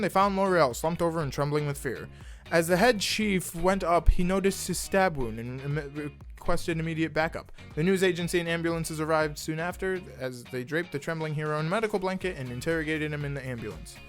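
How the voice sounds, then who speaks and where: A man's voice: on the high side, a little fast, soft background music. A young man reading fan fiction aloud in a casual way, stumbling over words and adding asides. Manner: animated, stumbles over words, laughs at the text.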